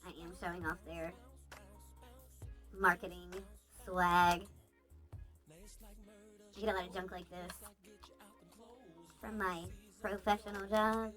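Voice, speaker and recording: A woman's voice: on the low side, little pitch movement, slow, pauses often, fairly bright tone, faint music behind. A woman vlogging casually at home, rambling and chatty with lots of asides and fillers. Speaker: beauty vlogger. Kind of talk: casual chatty DIY vlog.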